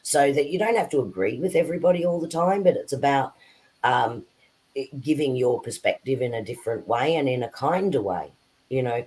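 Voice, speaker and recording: A man co-hosting a spiritual chat who speaks in a reflective, measured way, with frequent pauses and fillers. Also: medium pitch, darkish tone, poor audio.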